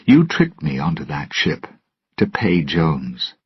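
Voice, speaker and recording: A man's voice: low-pitched, wildly swooping pitch, takes it slowly, gravelly, slightly rough, dry recording, highs cut off, full character voice. A man reading a storybook aloud and voicing a stubborn young swordsman in a raised, determined voice. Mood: earnest.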